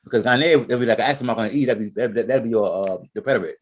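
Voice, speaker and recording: Fast-talking man teaching Spanish. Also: medium pitch. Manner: repeats words, patient corrections. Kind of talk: online class instruction.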